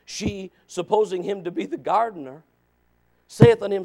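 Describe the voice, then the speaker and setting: A male pastor preaching a sermon, swinging between shouting and hushed softness, with stammering restarts. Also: high-pitched, moderate pace.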